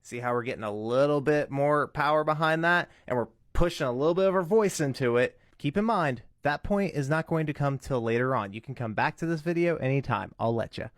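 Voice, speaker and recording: A man's voice: a little high, expressive, a little fast, few pauses, dry recording, clean studio sound. A man giving a casual step-by-step tutorial, earnest and cautious in how he explains. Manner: earnest, cautious, breaks into demo screams and whispers. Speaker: vocal tutorial maker.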